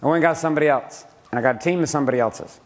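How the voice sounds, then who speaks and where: Middle-aged guy preaching business to a room, swears a lot, kinda high voice, keeps asking the crowd stuff. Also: racing. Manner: blunt, swears freely, asks the room questions. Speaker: speaker teaching a room of men. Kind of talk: profane motivational business talk. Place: room with a live audience.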